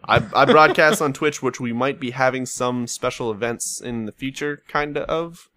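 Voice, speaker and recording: A man hosting a casual gaming podcast, swearing freely and acting out his stories in a shrill voice. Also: normal speed, pushed and bright. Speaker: podcast host.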